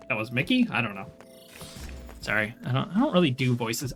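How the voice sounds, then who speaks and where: A streamer giving casual, rambling commentary while playing, self-deprecating and quick to laugh. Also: mid-range voice, expressive, fairly bright tone, faint music behind. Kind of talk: casual livestream gameplay commentary.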